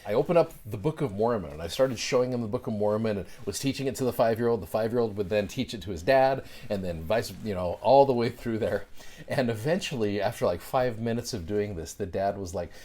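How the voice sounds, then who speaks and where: A middle-aged man tells a personal story as a show host, casual and animated, his fillers tumbling in as he goes. His voice sits a little low for a man. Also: brisk. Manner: chatty, animated, many fillers. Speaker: podcast host.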